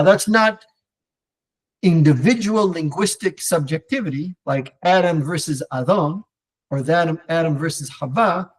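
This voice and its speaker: A man teaching an online Torah class, talking in a lively, digressive way with many restarts and fillers and mixing in Hebrew terms. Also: on the high side. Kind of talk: animated live online lecture answering viewer comments.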